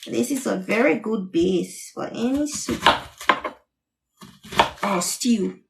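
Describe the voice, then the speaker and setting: A woman's voice: mid-range voice, expressive, slow, creaky, far from the mic, heavy background noise. A woman from Liberia chatting casually while cooking, teary-eyed and sighing from cutting onions as she greets viewers. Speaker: cooking channel host.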